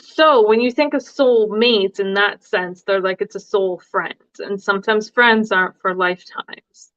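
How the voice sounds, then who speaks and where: A woman's voice: mid-range voice, a little slow, fairly bright tone, dry recording. A woman hosting a casual live-stream as a tarot reader, chatty and often laughing between thoughts. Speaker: tarot reader and livestream host. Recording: dry, slightly dull sound.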